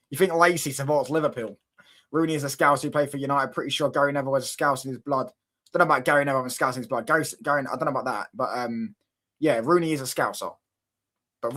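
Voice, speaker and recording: A man's voice: fairly high pitch, sharp tone. A young man, hosting a casual football live stream, bantering with viewer comments and repeating himself. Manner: banter-filled, repetitive, keeps asking if you get what he's saying. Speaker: football watchalong host.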